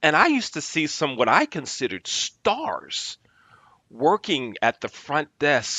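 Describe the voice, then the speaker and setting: A man's voice: fairly high pitch, fairly bright tone, no room sound. A man hosting a casual podcast interview, telling stories with frequent restarts. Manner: storytelling with restarts. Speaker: podcast host.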